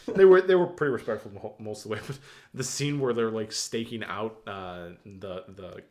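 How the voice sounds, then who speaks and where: A man's voice: fairly low pitch, moderate pace, darkish tone. A young man hosting a casual podcast chat about casting movies. He talks in a loose, laid-back way, swearing freely and breaking into laughs. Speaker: podcast host.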